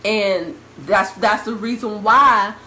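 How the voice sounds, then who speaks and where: A woman's voice: medium pitch, slow pace, sharp tone, low-quality recording. Emphatic young woman vlogging. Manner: emphatic, direct, repeats phrases for stress; addresses viewers informally. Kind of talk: casual storytelling to viewers.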